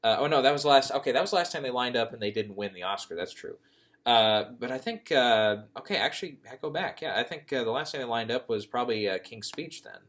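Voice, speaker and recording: A man's voice: mid-range voice, lively intonation, fast, fairly bright tone. A young man talking casually about awards predictions, rambling and often correcting himself with fillers. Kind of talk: casual thinking-aloud commentary.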